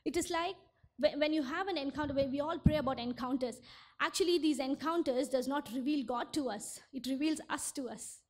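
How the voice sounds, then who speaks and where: A woman's voice: high-pitched, brisk. A young woman giving an earnest sermon testimony at church, often repeating words as she searches for them. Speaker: church speaker.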